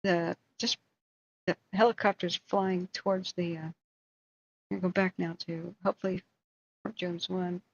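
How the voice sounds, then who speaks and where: A woman's voice: on the low side, fairly even intonation, moderate pace, creaky, pauses often, lo-fi sound, slight background noise. A woman hosting a livestream in casual chat, rambling and talking to her viewers. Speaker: livestream host.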